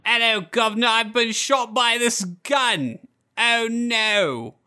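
A cartoonishly dying Cockney man, put on by a man in a high, stretched-out whine. The accent is broad and deliberately overdone, the tone bright and sharp, every word dragged slow. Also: clean tone, full character voice. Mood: mock dying. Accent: mock Cockney. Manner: high, drawn-out comic whine.

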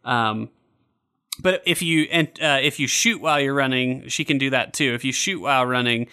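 A man's voice: mid-range voice, moderate pace, clear, resonant tone. A man hosting a podcast, chatting casually and loosely with lots of fillers and restarts. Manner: relaxed, filler-heavy, self-correcting. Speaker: podcast host. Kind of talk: casual game review chat.

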